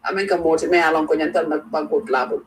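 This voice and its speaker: A woman's voice: low-pitched, steady tone, moderate pace, low-quality recording. A woman on a talk show panel, telling stories in a chatty way and mixing English with local language.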